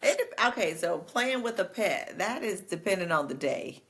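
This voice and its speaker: A woman's voice: lowish voice, lively intonation, moderate pace, fairly bright tone. A woman co-hosting a podcast, chatting casually in a laid-back, jokey, colloquial way. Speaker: podcast co-host. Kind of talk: casual chat.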